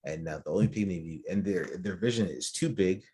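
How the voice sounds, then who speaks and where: A man's voice: low-pitched, a little fast, warm tone, husky. A man co-hosting a casual podcast roundtable, talking optimistically and hedging often. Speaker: podcast co-host.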